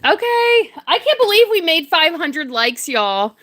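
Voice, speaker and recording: Bubbly high-voiced woman. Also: big pitch swings, unhurried, a bit bright. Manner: bubbly, greets and thanks viewers; giggly. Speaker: livestream crafter. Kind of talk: casual livestream chat.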